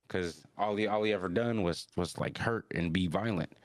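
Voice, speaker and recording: A man's voice: low voice, normal speed, dry recording, studio quality. A man hosting a podcast, casually recapping an anime episode in a rambling, slangy way with lots of restarts. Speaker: podcast host.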